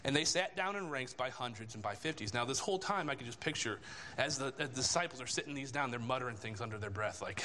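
A man's voice: medium pitch, expressive, fast talker, pushed and bright. A man preaching a sermon in a church, talking it through in a conversational way with rhetorical questions. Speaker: lay preacher. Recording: long reverb of a church hall.

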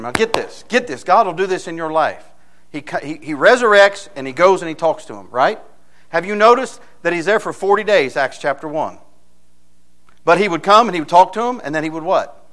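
Male pastor, sermon delivery, folksy storyteller with a slightly high voice and lots of rhetorical questions. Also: a bit bright. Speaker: preacher.

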